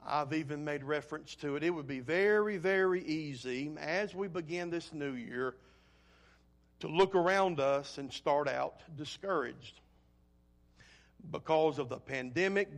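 A man preaching a sermon in an earnest way, repeating key words for emphasis. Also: fairly high pitch.

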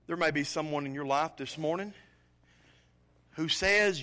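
A man preaching a sermon as pastor, with dramatic pauses and rising emphasis. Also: fairly high pitch, pushed and bright.

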